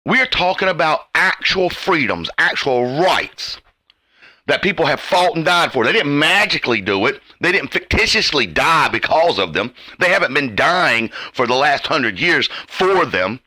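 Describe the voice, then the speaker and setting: A man's voice: fairly high pitch, expressive, measured pace, sharp tone, no echo. A man ranting in a heated, profane, sarcastic commentary as host of his own show.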